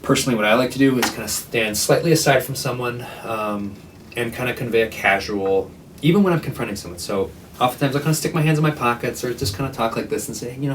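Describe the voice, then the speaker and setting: A man's voice: medium pitch, quick pace, distant mic, slight background noise, low-quality recording. A man who works at a homeless shelter, giving a casual, earnest training talk to librarians with many fillers and restarts.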